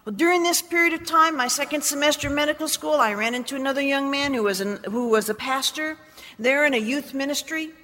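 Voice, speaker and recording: A woman telling her personal testimony as a sermon, with big emotional swings between hushed and exclaimed lines. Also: high voice, quick pace. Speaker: speaker giving a testimony. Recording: long hall reverb.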